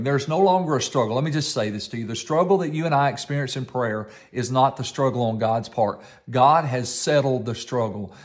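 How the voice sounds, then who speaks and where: Male pastor, mid-pitched voice, emphatic sermon delivery with repetition. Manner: emphatic preaching with repetition and slowed stress.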